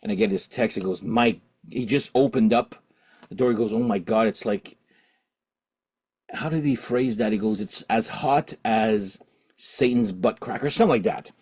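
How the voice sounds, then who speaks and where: A man's voice: moderate pace, long pauses, a little mellow, breathy edge. A man hosting his rock channel, rambling through a story in a casual rant. He keeps correcting himself and asking "okay?", and he sounds tipsy. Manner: jumps higher in pitch and volume when quoting himself and his friend. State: drinking alcohol while recording. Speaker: host of a rock and vinyl channel.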